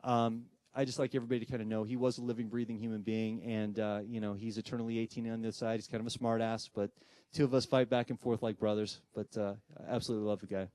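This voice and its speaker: Quick-talking guy telling a story on stage, dark mellow voice, acts out the voices. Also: fairly low pitch, no room sound. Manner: animated storyteller who acts out voices in quoted dialogue. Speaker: presenter giving a talk on spirit communication. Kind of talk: live presentation storytelling to an audience.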